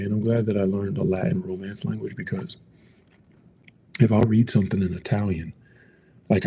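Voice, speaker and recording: A low, gravelly, dark-toned voice belongs to this man from the United States, with a little hiss or hum in the recording. He rambles casually to the camera while teaching Spanish travel phrases, full of "like" and "you know."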